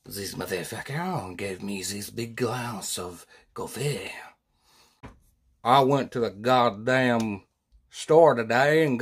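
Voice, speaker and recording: A man's voice: medium pitch, husky. A man playing an angry, foul-mouthed male coffee lover who rants and curses. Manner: profane, ranting, increasingly loud.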